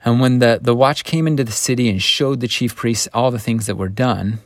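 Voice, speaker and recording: A man teaching a scripture lesson, retelling the story in an animated way that swings between hushed and lively. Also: medium pitch, fairly quick, no echo, clean studio sound.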